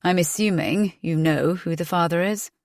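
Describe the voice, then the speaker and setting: A woman voicing a patient, probing male police detective with measured, pointed questions. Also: lowish voice, dry recording, clean studio sound, lightly acted. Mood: pressing.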